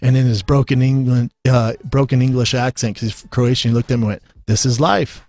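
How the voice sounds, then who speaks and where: A man's voice: medium pitch, little pitch movement, fast talker, warm tone, no echo. A man in his thirties, a guest in a casual interview, talking bluntly and swearing freely with lots of repeated words. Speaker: guest, former fighter.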